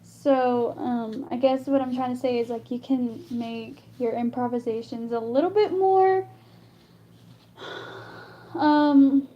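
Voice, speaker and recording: A woman with a bright, high voice explains vocal improvisation in a casual live-stream lesson. She takes her time, pausing on fillers and restarting her sentences. The sound is muffled and lo-fi, like a phone recording. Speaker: singer teaching vocal improvisation.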